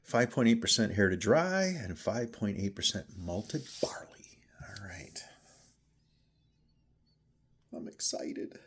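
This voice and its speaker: A man's voice: on the low side, moderate pace, creaky, fairly bright tone, breathy edge. A man chatting casually as he tastes and reviews a bourbon, thinking aloud between sips. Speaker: whiskey reviewer. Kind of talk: casual tasting chat.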